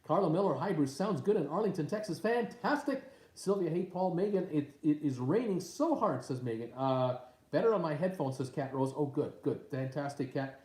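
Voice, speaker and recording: A man's voice: fairly high pitch, expressive, a little fast, warm tone. A man hosting a casual live stream at home on his tablet, reading viewer comments aloud with lots of uhs and ums. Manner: reads viewer comments aloud with many fillers. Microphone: tablet mic. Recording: echoey room.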